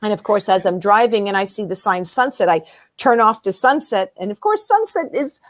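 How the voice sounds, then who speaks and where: Interview guest, woman in her fifties, mid-range voice, lively teller who plays every part in her story, dry recording. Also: medium pitch, fairly quick, no echo. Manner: animated storyteller who acts out quoted dialogue.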